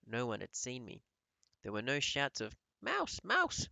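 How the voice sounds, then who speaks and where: A male teacher reading a novel aloud to his pupils in a calm storytelling voice. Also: medium pitch, normal speed, gravelly, no room sound, low-quality recording.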